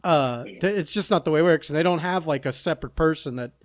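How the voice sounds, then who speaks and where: A man co-hosting a podcast, answering his friend's rant with dry teasing and calm reasoning. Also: on the high side, fast talker. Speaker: podcast co-host. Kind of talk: casual chat.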